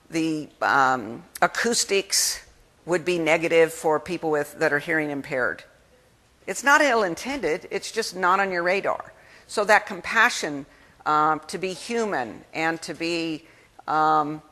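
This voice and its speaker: A woman giving an energetic keynote speech at a conference, talking in a lively, conversational way and acting out the people she quotes. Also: sits low. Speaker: keynote speaker. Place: conference hall. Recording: long hall reverb.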